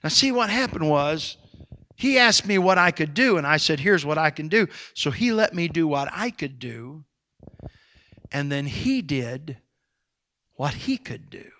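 Bright, high-voiced folksy preacher. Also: male voice, measured pace, long pauses. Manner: animated, folksy storytelling with sudden loud swells. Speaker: pastor. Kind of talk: storytelling sermon.

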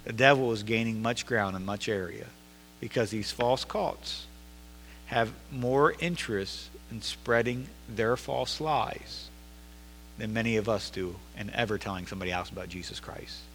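A man preaching a sermon as pastor in a church, emphatic, building to loud insistent repetition. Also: lowish voice, normal speed, slight background noise. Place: church sanctuary. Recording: long reverb of a large hall.

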